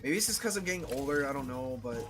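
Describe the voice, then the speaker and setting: A man's voice: medium pitch, expressive, quick pace, a bit bright, faint music behind. A twenty-one-year-old man chatting as a guest on a live stream, in a rambling, hesitant way. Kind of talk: casual voice-call chat.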